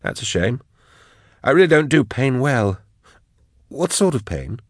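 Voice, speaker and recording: A man's voice: mid-range voice, big pitch swings, measured pace, no echo, voice pushed up. A man voicing a glib, curious scholar who keeps talking with wry humor, in a dry recording. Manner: wry, chatty, stalling.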